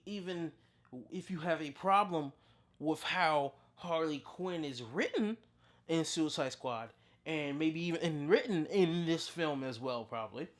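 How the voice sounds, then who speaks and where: A reviewer in their thirties giving a casual, unscripted film review as a channel host, excitable and full of restarts. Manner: excitable, with big pitch jumps and frequent restarts.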